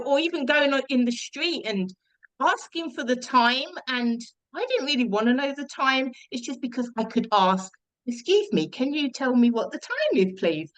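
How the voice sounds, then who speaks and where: A woman's voice: medium pitch, fairly bright tone, poor audio. Earnest woman recounting her story. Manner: earnest, reflective, with frequent fillers and restarts. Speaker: interview guest. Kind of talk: personal storytelling in an interview.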